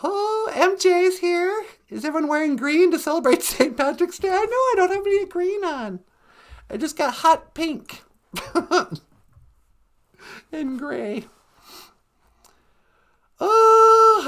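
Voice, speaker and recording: A playful woman from Minnesota chatting on a live stream, laughing easily between remarks. Her voice sits high and swings around a lot as she talks at an unhurried pace. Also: expressive, fairly bright tone. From Minnesota, USA. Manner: playful, laughs often, makes goofy computer beeps. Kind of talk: casual live-stream chat.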